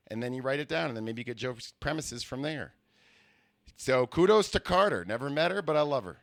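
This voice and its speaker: A man's voice: mid-range voice, animated, a little fast, vocal fry, no echo. A man who is a comedian hosting his own podcast, rambling through a comic monologue with lots of fillers and restarts. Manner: rambling, self-mocking, many fillers and restarts.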